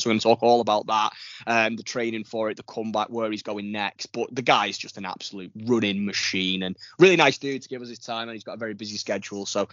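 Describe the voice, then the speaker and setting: A man's voice: fairly low pitch, fairly bright tone, no room sound, lo-fi sound. A man hosting a casual podcast, rambling and jokey, poking fun at himself. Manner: rambling, jokey, self-deprecating. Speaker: podcast host.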